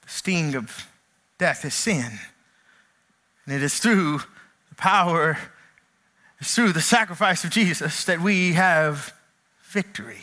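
Pastor, male, high and bright-toned, earnest sermon delivery with lively storytelling. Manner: earnest preaching, drops low and slow on key phrases; animated storytelling with acted quotes.

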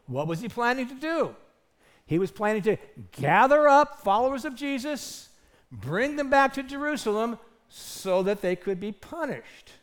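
A male pastor delivers a sermon in a fairly high voice that rises and falls a lot. He talks earnestly and leans hard on key points. He keeps asking the congregation rhetorical questions. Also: sing-song, measured pace.

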